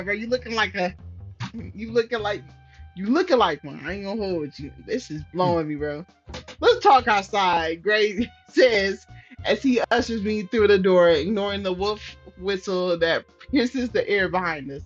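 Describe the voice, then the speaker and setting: A woman streamer with a mid-range voice reads a story game aloud at a moderate pace, animated and erupting into loud, profane, outraged reactions. The audio is slightly muffled, with soft game music in the background.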